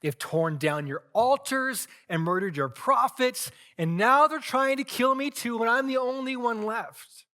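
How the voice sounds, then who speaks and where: A man's voice: sits high, expressive, normal speed, pushed and bright. A man voicing a weary, desperate prophet who pleads earnestly in a sermon retelling. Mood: pleading.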